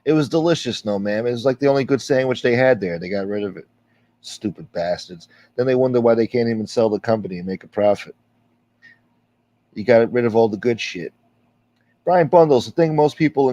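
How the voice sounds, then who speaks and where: A man's voice: medium pitch, warm tone, dry recording. A man hosting a casual livestream, reading viewer comments aloud in a rambling, sarcastic, heavily profane way. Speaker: livestream host.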